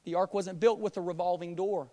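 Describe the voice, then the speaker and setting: A young man preaching a sermon in a church, swinging from hushed, quiet passages to loud, impassioned pleading. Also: high-pitched, fairly even intonation, fairly quick. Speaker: pastor. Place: church sanctuary.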